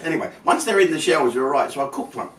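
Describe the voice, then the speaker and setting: A man's voice: mid-range voice, big pitch swings, fast talker, noisy background. A man hosting his own show with a rambling, sweary, mock-outraged comic monologue. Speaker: host. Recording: roomy sound from a distance.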